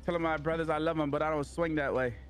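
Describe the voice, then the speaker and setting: A man's voice: a little high, fairly even intonation, quick pace, soft background music. A man bantering and teasing friends during a game. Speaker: gaming friend. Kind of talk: casual gaming chat.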